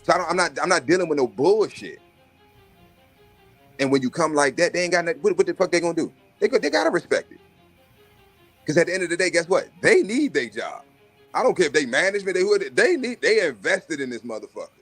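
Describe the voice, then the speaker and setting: A swaggering man rants on a live stream. His voice sits a little high and husky, cursing freely and acting out the people he talks about. Faint music plays behind him. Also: sing-song, fast, a bit bright. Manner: brash, swaggering, profane, acts out other voices. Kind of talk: profane casual storytelling rant.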